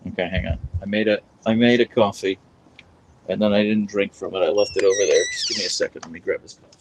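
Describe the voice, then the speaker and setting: A man's voice: on the low side, steady tone, fast, noisy background. A man hosting a casual livestream from his phone, chatting and reading viewer comments aloud. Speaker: livestream host. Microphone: phone with clip-on mic.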